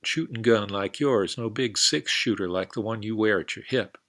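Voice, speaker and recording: A storyteller putting on a sly coyote trickster with a soft, wheedling way of talking. His voice sits a little higher than the narration, gravelly and bright. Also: normal speed.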